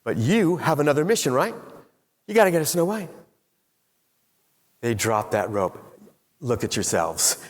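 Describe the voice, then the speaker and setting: A middle-aged man giving a motivational keynote speech to a live audience in a large hall, telling an animated story and quizzing the crowd. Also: medium pitch, a little slow, long pauses. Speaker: keynote speaker. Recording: long hall reverb.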